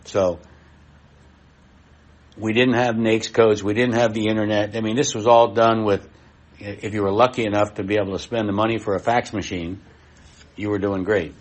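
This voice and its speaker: Man, middle-aged, lower voice, blunt and folksy, live expo presenter. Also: fairly even intonation, moderate pace, pauses often. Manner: blunt and folksy, talks straight to the audience.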